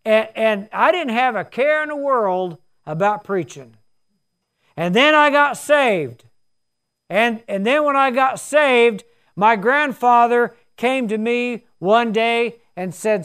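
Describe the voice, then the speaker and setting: A man's voice: extremely high pitch, animated, slow, a bit bright, smooth. A man in his sixties preaching a sermon, telling his story in a folksy, earnest way. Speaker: pastor.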